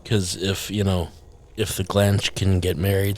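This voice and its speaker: A man co-hosting a game livestream, cracking dry, deadpan jokes in casual chat. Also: deep voice, measured pace. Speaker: livestream co-host.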